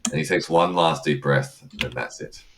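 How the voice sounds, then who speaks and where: Very deep man, game master, rambling tabletop narration, faint typing behind. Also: normal speed, fairly bright tone, slight background noise. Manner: rambling, filler-heavy narration.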